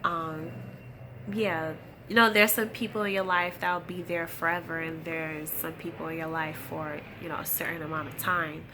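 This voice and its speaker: Background noise runs beneath this low-pitched woman's voice as she speaks at a moderate pace. In her late twenties, she reviews a TV episode in an animated, casual recap, performing the characters' quotes and frequently laughing.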